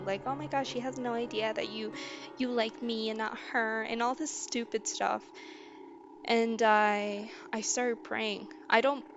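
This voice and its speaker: A young adult woman telling a personal story in a casual storytime vlog, candid and halting, often sighing between phrases. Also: mid-range voice, slight background noise. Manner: candid, halting, with frequent sighs. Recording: slightly muffled lo-fi recording.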